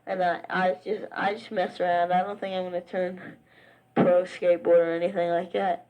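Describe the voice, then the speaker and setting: A man's voice: high voice, little pitch movement, a little fast, muffled recording. Teen boy, casual cassette letter, chatty, rambling, home tape recorder. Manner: rambling and chatty, lots of restarts. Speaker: family member sending a taped letter.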